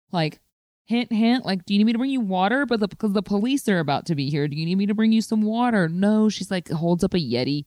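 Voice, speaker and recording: Animated woman rambling through a story, voice jumps all over, dead dry sound. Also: on the low side, no echo. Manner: chatty, animated, lots of "like" fillers. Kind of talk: casual storytelling.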